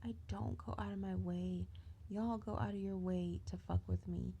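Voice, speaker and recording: A woman's voice: medium pitch, steady tone, normal speed, warm tone, a little hiss or hum. A tired woman venting in a rambling, profane rant that often drops to a whisper.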